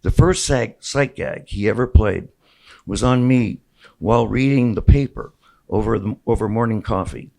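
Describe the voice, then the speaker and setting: At a bookstore event, a man in his sixties, the author, reads aloud from his own memoir with wry storytelling and small restarts. His lowish voice is creaky and mellow at a normal speed. The audio is poor.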